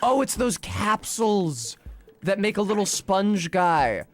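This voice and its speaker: A man streaming a video game, giving excitable, profane commentary and talking to himself as he plays. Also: high-pitched, takes it slowly, soft background music. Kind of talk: casual gameplay commentary.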